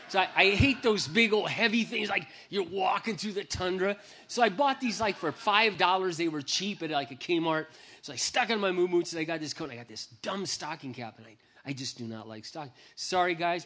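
A man's voice: high-pitched, bright, forceful tone. A man giving a humorous, self-deprecating personal testimony to an audience, speaking into a microphone. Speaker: Christian speaker.

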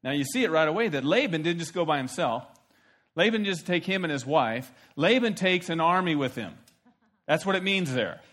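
A male pastor, voice sitting a bit on the higher side, preaches through a scripture passage verse by verse. He is animated and playful, chuckling often and leaning on rhetorical questions. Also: a little fast. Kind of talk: sermon.

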